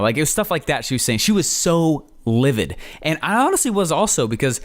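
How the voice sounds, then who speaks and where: A man's voice: on the high side, big pitch swings, a little fast, hardly any pauses. A man hosting a podcast, telling stories in a rambling, opinionated, casual way. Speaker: podcast host.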